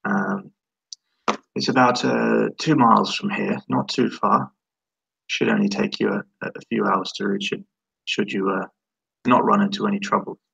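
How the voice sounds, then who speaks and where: A man voicing an older jarl who is a war leader, giving brisk orders in a halting way. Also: fairly low pitch, steady tone, gravelly, bright, forceful tone, breathy edge, dull audio, exaggerated voice.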